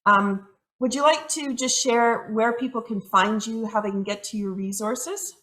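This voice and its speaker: A woman's voice: a little high, moderate pace, fairly bright tone. Woman host in an echoey room. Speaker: podcast host. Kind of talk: conversational interview hosting.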